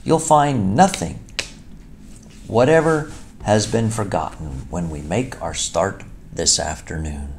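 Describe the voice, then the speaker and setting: A man voicing a boastful, excitable male toad in a storybook reading, with a grand, gushing manner. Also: low-pitched, slow pace, slight background noise. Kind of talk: storybook character voice.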